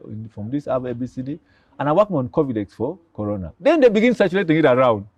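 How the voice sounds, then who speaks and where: Brief: excitable older Ugandan professor, rapid animated storyteller, voices his own dialogue. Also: medium pitch, no echo, dull audio. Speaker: guest, pharmacy professor.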